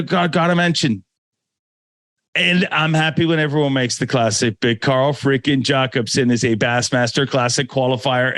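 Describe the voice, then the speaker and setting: A man hosting a casual podcast chat, animated and quick to laugh, with a steady mid-range voice. The sound is close and dry with no room echo, and he drops in a casual swear now and then. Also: medium pitch. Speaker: podcast host.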